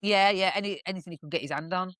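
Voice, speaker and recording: A woman speaks as a guest in a casual podcast chat, her voice pitched low and recorded close and dry. She tells her story frankly, with dark humor and plenty of swearing. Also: racing, no echo.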